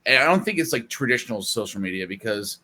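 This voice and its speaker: Bright-voiced animated male streamer. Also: fairly low pitch, fast talker. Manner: animated, acts out quotes in silly voices. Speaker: streamer on a panel. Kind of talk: casual panel chat.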